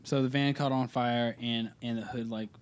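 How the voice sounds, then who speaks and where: A man's voice: medium pitch, fairly even intonation, normal speed, clear, resonant tone. Rambling young man telling a story. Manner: rambling, profane, self-interrupting. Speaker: podcast guest, band singer. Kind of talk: casual storytelling chat.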